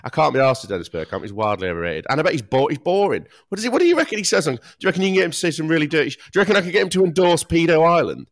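Animated man in podcast banter. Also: fairly high pitch, rapid-fire, hardly any pauses. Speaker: podcast co-host. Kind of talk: casual chat.

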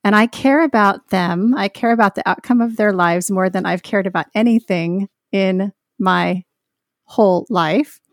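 A woman speaking as a podcast guest in a Christian conversation, earnest and heartfelt, with soft laughs. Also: mid-range voice, unhurried, dry recording, studio quality.

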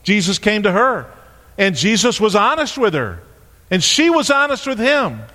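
A man delivers a sermon with a bright, high voice that leaps up and down as he acts out the people in his stories. His words ring out with a long echo, as if filling a large church sanctuary. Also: normal speed. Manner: animated storytelling, acting out voices. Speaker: pastor. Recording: long hall reverb.

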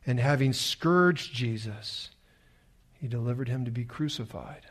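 A man reading a scripture lesson aloud in church and then leading a discussion, in a measured way. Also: medium pitch. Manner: measured, voices the crowd's shouts in the reading. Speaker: scripture reader and discussion leader.

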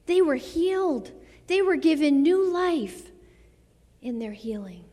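A woman preaching a sermon to a church. She delivers it dramatically, dropping to soft near-whispers and then rising to fervent exclamations. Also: sits high, sing-song, slow pace. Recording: long reverb of a large hall.

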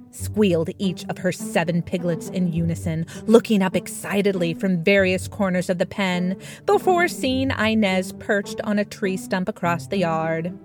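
A woman reads a children's storybook aloud at an unhurried, leisurely pace. Her voice sits at a middle pitch and she keeps the telling expressive, with clear music playing underneath. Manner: expressive, puts on character voices. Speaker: author and narrator. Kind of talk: storybook narration. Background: background music.

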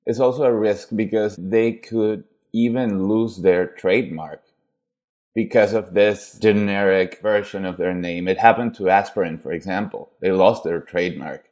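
Low-voiced man playing devil's advocate. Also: normal speed, a little mellow. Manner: playful, challenging. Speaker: panelist. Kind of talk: casual panel discussion.

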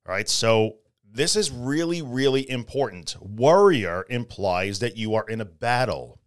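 A man's voice: mid-range voice, expressive, a little slow, dry recording, clean studio sound. A middle-aged man hosting a solo podcast, talking casually but earnestly and repeating his key phrases for emphasis. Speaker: podcast host.

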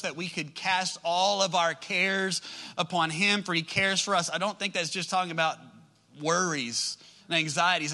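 A male pastor preaching to a congregation in church, his voice very bright and tense and pitched a little high. He addresses the room directly and conversationally, with loud emphatic bursts that drop into soft asides. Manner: animated, swinging from loud emphatic outbursts to quiet soft asides. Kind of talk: sermon. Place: church service with a live congregation.

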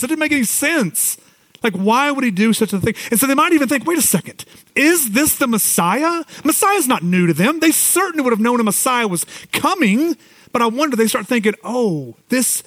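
A man preaches a sermon in a light, high voice that rises and falls a lot. He talks in a loose, conversational way, often wondering aloud. The sound is close and dry, with no room around it. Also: no echo. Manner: animated, conversational preaching with repeated "like" and "I just wonder". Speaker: pastor.

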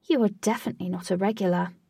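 A woman voicing a tiny flying woman who is a flirty, teasing party regular, with a husky, gravelly voice. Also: steady tone, rapid-fire, no echo, clean studio sound, distant mic. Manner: brash, teasing, loud and high.

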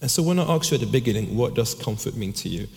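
A man's voice: mid-range voice, expressive, fast talker, gravelly, a little mellow, big-room sound. A man in his thirties preaching a sermon, telling a personal story earnestly and often restarting his words.

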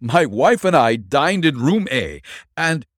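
Desperate accused husband, raised and high, as a male narrator voices him. Insistent, husky edge. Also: sing-song, measured pace, sharp tone, dry recording, studio quality, exaggerated voice. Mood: eager. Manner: eager, then defiant. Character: desperate male prisoner, married man.

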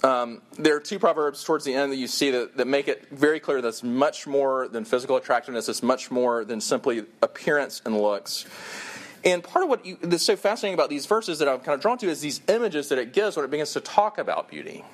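A man's voice: medium pitch, expressive. A man preaching a sermon, talking to the congregation in a conversational, earnest way and stressing key phrases. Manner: conversational, earnest, emphatic with pauses.

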